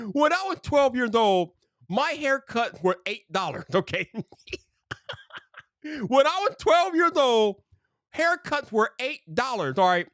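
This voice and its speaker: A man's voice: very high-pitched, dry recording. A man casually spinning a story on his stream, heavy on slang and "bro". His voice leaps up and down constantly as he talks. The sound is close and dry, with no room around it. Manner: animated, slangy, full of "bro". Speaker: streamer host.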